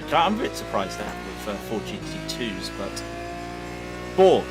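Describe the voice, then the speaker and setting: A man co-commentating a live sim race, animated and tripping over his words. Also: on the low side, normal speed, gravelly, loud music behind the voice.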